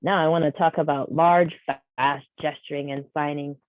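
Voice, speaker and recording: Here a sign language interpreter renders a deaf trainer's signed training session into live speech via video call, patient and chatty in her explanations. She has a deep, steady voice at a normal pace, though the audio quality is poor.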